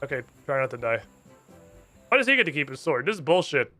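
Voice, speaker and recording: A man's voice: medium pitch, sing-song, fast talker, bright, forceful tone, faint music behind. Wry, swearing man streaming a game. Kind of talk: casual gaming commentary.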